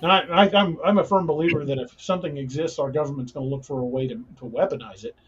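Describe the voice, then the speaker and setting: A man's voice: on the high side, fast talker, highs cut off, slight background noise. A man hosting a casual paranormal podcast, talking earnestly and restarting his sentences often. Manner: rambling, frequent restarts, earnest. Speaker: podcast host.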